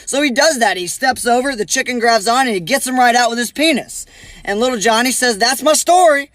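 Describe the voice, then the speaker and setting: A man telling a long joke in a brisk storytelling manner. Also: very high-pitched, a bit bright, dry recording.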